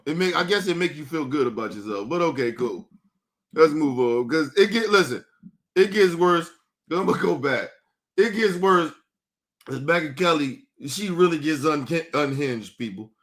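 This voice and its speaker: A man's voice: a little high, a bit bright. A man streaming reaction commentary, laughing constantly and cursing as he mocks what he watches, crying with laughter. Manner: laughing constantly, profane, mocking; slangy casual speech, addresses viewers as people. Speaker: streamer reacting to news clips.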